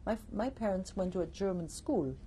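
An older woman from Alsace, giving a reflective testimony interview, pausing often with "uh" and "you see". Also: mid-range voice, expressive, dark tone, slight background noise. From Alsace, France.

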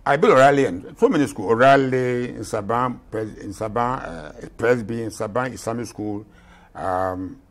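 Interviewed as a guest, a retired general from Ghana in his eighties speaks at a moderate pace in a mid-range voice. He is impassioned and emphatic, repeating himself to drive points home.

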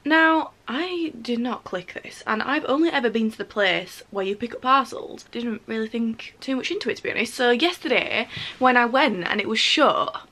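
A woman's voice: fairly high pitch, animated, normal speed, sharp tone. A woman in her twenties with a British accent, chatting casually and gushing in a home vlog. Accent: British English. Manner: chatty, gushing, full of fillers. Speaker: vlogger. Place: bedroom at home.

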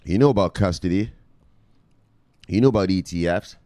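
A man hosting a video, giving his viewers a fired-up, profane pep talk and repeatedly shouting "bang". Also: low-pitched, normal speed. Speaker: crypto video host. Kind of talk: hyped pep-talk vlog.

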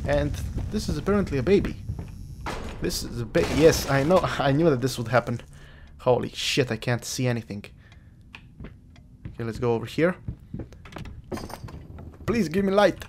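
A man's voice: medium pitch, animated, moderate pace, long pauses, a little hiss or hum. Man joking through a horror game. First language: Croatian. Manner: jokey, rambling, talks to the game. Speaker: let's play gamer. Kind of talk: casual gameplay commentary. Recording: game music behind.

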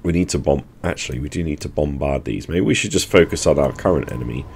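A man's voice: extremely low pitch, fast talker, vocal fry, a little mellow. A man hosting a gaming channel, thinking aloud in casual commentary as he plans his moves.

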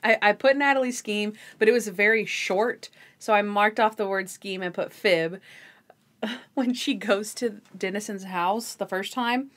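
Woman podcast co-host, animated storyteller, laughs easily, mid-pitched casual recap voice. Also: unhurried. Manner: animated storyteller who acts out scenes and laughs often.

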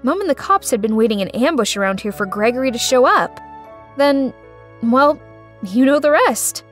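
A woman narrating an animated first-person story as a teenage girl, in an earnest storytelling manner. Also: high-pitched, moderate pace, faint music behind.

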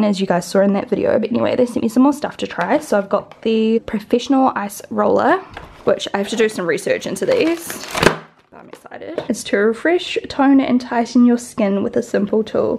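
A woman's voice: mid-range voice, creaky, a little mellow. A young woman from New Zealand vlogging at home in a casual, rambling way, with lots of "like" and "um" and a slight lisp. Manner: chatty, rambling, with many "like" and "um" fillers. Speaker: beauty vlogger. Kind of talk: casual vlog chat.

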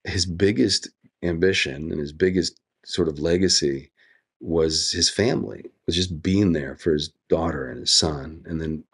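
A middle-aged man speaking as a guest in an interview, earnest and thoughtful, with lively quoted asides. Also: low-pitched, a little slow, slightly rough. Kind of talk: reflective interview conversation.

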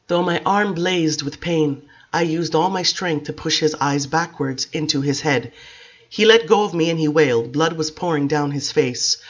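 Man narrating a dark novel. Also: fairly high pitch, moderate pace, highs cut off. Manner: dramatic, intense storytelling. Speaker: audiobook reader. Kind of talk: first-person novel narration.

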